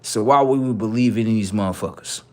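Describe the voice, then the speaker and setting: A man's voice: lowish voice, fairly quick, dark tone. A man livestreaming, telling a story in casual, slangy speech and repeating phrases for emphasis.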